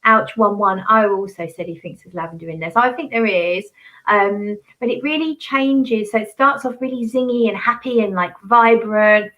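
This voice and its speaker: A woman hosts a relaxed livestream from her home desk, talking over a video call. Her voice sits at a middle pitch, and she drifts along in a chatty, hesitant way, filling gaps with ums and likes. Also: normal speed, rough recording. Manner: chatty, hesitant with many fillers. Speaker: fragrance channel host. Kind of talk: casual livestream chat. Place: home desk working-from-home setup.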